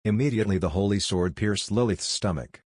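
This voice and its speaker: A man narrating a comic story recap in a steady, even way. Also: on the low side, a little fast, husky, dry recording, clean studio sound.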